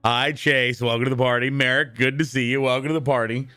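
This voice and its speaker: A man's voice: mid-range voice, steady tone, fast talker, bright, forceful tone, clean tone, soft background music. A young man streaming live, chatting casually and greeting his viewers one by one in an upbeat, rambling way while his voice is wearing out. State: losing his voice.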